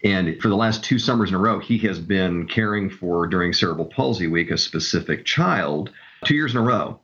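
A man's voice: low-pitched, lively intonation, normal speed, fairly bright tone, lo-fi sound. A man telling stories with enthusiasm as a guest in a casual interview. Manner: enthusiastic storyteller. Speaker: camp director guest.

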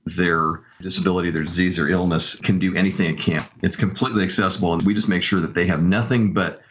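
A man's voice: deep voice, fairly even intonation, fast talker, highs cut off. A man telling stories with enthusiasm as a guest in a casual interview. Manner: enthusiastic storyteller. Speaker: camp director guest.

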